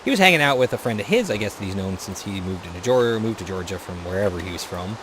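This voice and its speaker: Young guy vlogging while he games, chatty and rambly, lowish voice, mutters asides. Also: lively intonation, fast talker, background noise. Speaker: gaming vlogger. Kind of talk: casual storytelling while playing a game.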